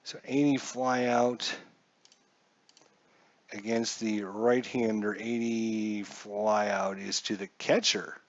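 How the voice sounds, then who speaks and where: A man narrating a solo dice baseball game at an unhurried pace, chatty and joking to himself as he reads his charts. The sound is dull and muffled, with a dry, close feel. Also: fairly low pitch, level tone, no echo. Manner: chatty, jokey, talks to himself while checking charts.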